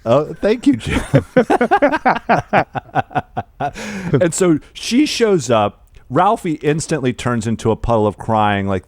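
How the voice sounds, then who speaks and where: A man co-hosting a podcast, retelling film scenes in an animated, laughing way. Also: on the high side, slow pace, no room sound. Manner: animated storyteller, laughs often, acts out film lines. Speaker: podcast co-host. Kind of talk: casual film discussion.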